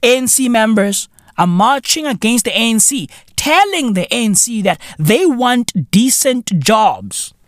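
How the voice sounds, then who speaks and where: Male podcast host, slow-paced, animated and exasperated, cursing and sarcastic. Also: extremely high pitch, no echo. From South Africa. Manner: profane, sarcastic, exasperated ranting with slang. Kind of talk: solo podcast commentary rant.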